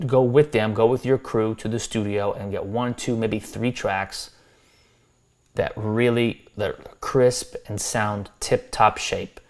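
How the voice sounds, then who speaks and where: A man's voice: on the low side, steady tone, slow pace. Rambling American man giving casual advice. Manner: loose, rambling, repeats and restarts, friendly advice. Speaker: music critic reviewing subscriber tracks. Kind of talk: casual spoken critique.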